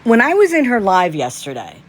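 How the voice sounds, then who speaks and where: A woman's voice: medium pitch, wildly swooping pitch, moderate pace, a little hiss or hum. A woman ranting in casual commentary on a phone livestream, indignant and piling up rhetorical questions.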